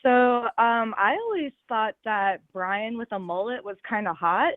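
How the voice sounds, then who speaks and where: A woman calls in to deliver a deadpan roast, hesitating between her lines. Her voice sits a little high and comes through a tinny phone line. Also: unhurried. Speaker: caller.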